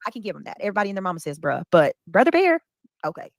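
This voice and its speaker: A woman's voice: lowish voice, rapid-fire, creaky, fairly bright tone, dry recording. A woman hosting a casual commentary chat, talking bluntly with lots of slang and swearing. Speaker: host.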